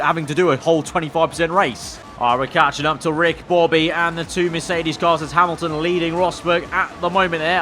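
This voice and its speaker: A man's voice: a little high, a bit bright. A man, a gaming channel host, giving sarcastic, rambling gameplay commentary.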